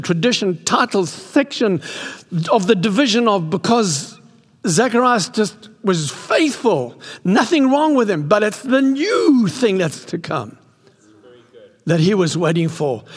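A man's voice: high voice, normal speed, breathy edge. A man in his sixties preaching an impassioned sermon in a church hall. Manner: impassioned, rising to excited peaks. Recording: long hall reverb.

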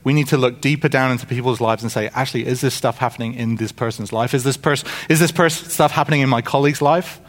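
A man's voice: medium pitch, fast, few pauses. A man preaching a sermon in a conversational, informal way, with frequent restarts and asides and jokes with the congregation. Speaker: pastor.

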